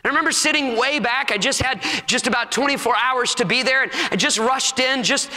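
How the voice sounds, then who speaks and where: A man's voice: very high voice, moderate pace. A man preaching a sermon as pastor, telling a story and building into fervent, rising exhortation. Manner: impassioned preaching, rising to shouts. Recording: long hall reverb.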